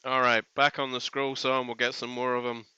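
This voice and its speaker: A man's voice: mid-range voice, flat delivery, fairly quick, pushed and bright, clear, resonant tone, no room sound, dull audio. A man hosting a woodworking live stream, chatting in a rambling, joking way from his workshop. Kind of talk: casual live stream chat. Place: home workshop.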